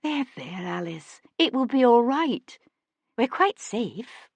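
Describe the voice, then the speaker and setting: A woman reading an audiobook, voicing a composed, sharp-witted young lady in her twenties who talks in a crisp, brisk, steady way. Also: fairly high pitch, dry recording, dull audio, pitched above the performer's own voice. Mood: soothing.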